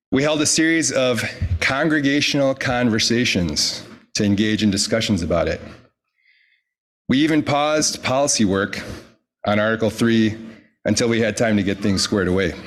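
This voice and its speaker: A man slowly reading a prepared church statement to a congregation, with deliberate pauses and emphasis. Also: medium pitch.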